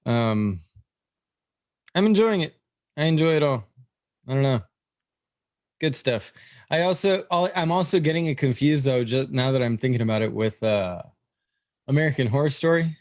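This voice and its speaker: Podcast dude rambling along, swears a lot, um's everywhere, dry close sound. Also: male voice, medium pitch, lively intonation, normal speed, pauses often, a little mellow, dry recording. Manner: rambling, profane, many fillers and restarts. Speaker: podcast co-host. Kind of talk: casual chat.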